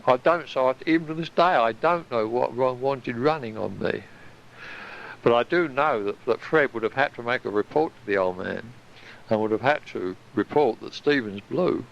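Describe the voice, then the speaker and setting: A man recounting his past in a recorded reminiscence, animated and casually swearing. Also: medium pitch, normal speed, vocal fry, muffled recording, a little hiss or hum.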